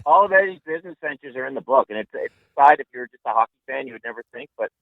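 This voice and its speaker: A man's voice: mid-range voice, racing, gravelly, no room sound. Emphatic co-host in his forties over a tinny phone line. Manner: excited, emphatic. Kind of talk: casual chat.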